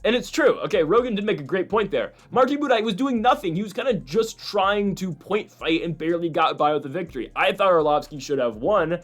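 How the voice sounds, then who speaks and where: A man's voice: high voice, lively intonation, fairly quick, hardly any pauses, soft background music. A man hosting a casual talk show, rambling and opinionated, with many restarts and asides. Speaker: host. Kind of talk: casual chat.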